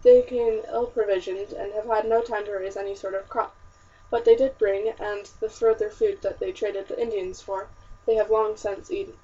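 A woman's voice: mid-range voice, fairly even intonation, moderate pace, mellow, slightly rough, lightly acted. Woman reading as a solemn young colonist man. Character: solemn young male colonist, earnest, blunt. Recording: distant, dull lo-fi audiobook recording.

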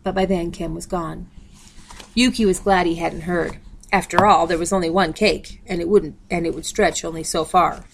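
A woman's voice: lowish voice, steady tone, moderate pace, creaky, slight background noise, poor audio. A woman steadily reading a novel aloud, announcing page numbers. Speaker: audiobook reader.

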